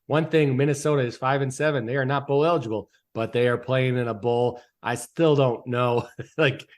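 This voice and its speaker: A man's voice: medium pitch, steady tone, normal speed. A man with a mid-range voice co-hosts a casual sports podcast. He is chatty and teasing, often laughing as he talks. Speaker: podcast co-host. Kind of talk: casual sports betting chat.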